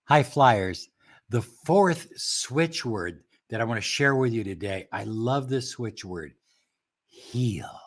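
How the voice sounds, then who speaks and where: A man teaching a self-help practice, speaking slowly and emphatically and dropping some words to a soft whisper. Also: medium pitch, lively intonation. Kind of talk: motivational talk to camera.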